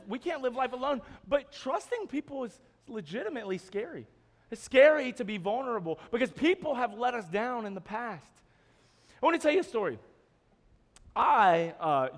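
A young man preaching a sermon, telling funny stories and acting out lines, swinging between quiet and loud. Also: high voice. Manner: energetic, jokey storytelling, swings from quiet to loud. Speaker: youth pastor. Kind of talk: animated sermon with acted-out dialogue. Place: church hall. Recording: long hall reverb.

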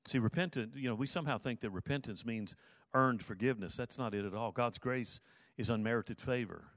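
An earnest male pastor delivering a sermon, repeating his key phrases to drive them home. His voice sits at an ordinary middle pitch and is recorded close and dry, with no room sound. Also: brisk, fairly bright tone, no room sound.

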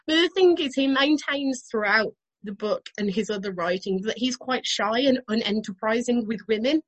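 A woman's voice: a little high, moderate pace, rough recording. A woman co-hosting a podcast, telling a story in a casual way, often giggling with amusement as she reads quotes aloud. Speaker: podcast co-host.

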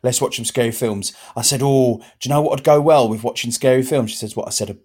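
A man's voice: mid-range voice, fast talker, a little mellow. A man co-hosting a casual podcast, laughing and teasing as he tells a story. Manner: laughing, teasing, swears freely. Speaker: podcast co-host. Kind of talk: casual banter.

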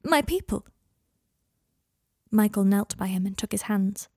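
A woman narrating a fan fiction audiobook in an even, measured way. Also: mid-range voice, slightly rough, dry recording, clean studio sound.

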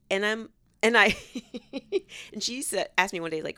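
A woman's voice: medium pitch, animated, normal speed, sharp tone, clean tone, dry recording, clean studio sound. A woman in her thirties co-hosting a comedy podcast, chatting playfully, mimicking pronunciations and laughing often. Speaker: podcast co-host. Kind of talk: casual comedic chat.

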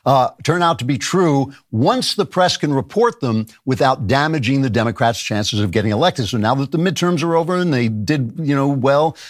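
Sardonic man, lively mocking monologue. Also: mid-range voice, moderate pace, few pauses, no room sound, clean studio sound. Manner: sardonic, mocking, laughs at his own jokes; animated, shouts mock voices of others. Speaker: political commentator and show host. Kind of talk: comic political monologue.

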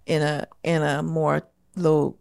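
A woman's voice: low-pitched, flat delivery, takes it slowly, creaky, darkish tone. A woman co-hosting a podcast, chatting casually and telling stories. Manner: chatty, storytelling, laughs often. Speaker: podcast co-host. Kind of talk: casual relationship talk.

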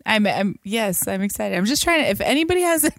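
A woman's voice: medium pitch, fast talker, creaky, no echo. Giggly woman cohost, voice jumps all over, pokes fun at herself, dry mic. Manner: giggly, self-mocking, lively. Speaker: podcast co-host. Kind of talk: casual chat.

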